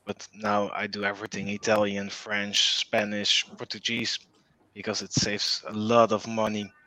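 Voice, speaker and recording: A man's voice: lowish voice, monotone, moderate pace, sharp tone, no room sound, rough recording. A man whose first language is Dutch, chatting on a podcast in English, sometimes searching for words. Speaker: podcast guest. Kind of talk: casual podcast chat.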